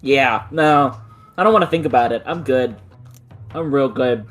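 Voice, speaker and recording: A player in a tabletop role-playing game voicing a nervous young man, animated and quick to laugh. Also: mid-range voice, faint music behind.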